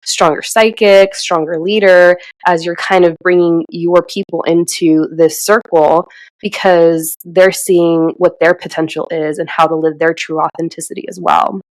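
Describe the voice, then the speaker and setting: A woman's voice: fairly low pitch, steady tone, a little slow, no room sound, rough recording. A woman who co-hosts a podcast, speaking earnestly and fluidly in casual conversation. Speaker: podcast co-host.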